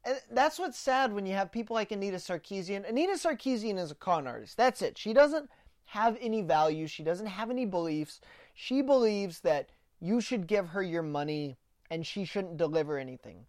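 A woman with a medium-pitched, darkish voice and lively intonation rants at normal speed on her political podcast. Her commentary is opinionated, she mocks opponents in sarcastic put-on quotes, and she often repeats words stumbling into sentences.

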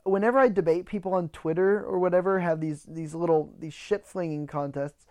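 A man's voice: high voice, brisk, darkish tone. A man hosting a podcast, ranting in a casual monologue, swearing freely and often repeating words as he starts sentences. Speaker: podcast host.

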